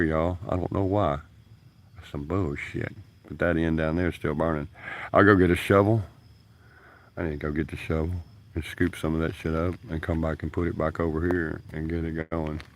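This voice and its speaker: This livestream host, a union stagehand, drawls through casual, rambling stories from his backyard, cursing and laughing along the way. He speaks at normal speed with a rumbling low, steady voice and frequent pauses; the nearby phone camera captures no room sound.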